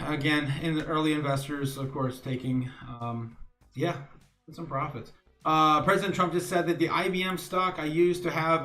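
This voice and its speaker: A man's voice: on the high side, pushed and bright. Chatty man hosting a crypto stream. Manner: loose, chatty, filler-heavy, chuckling asides. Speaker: crypto show host. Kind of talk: live-stream news commentary with chat.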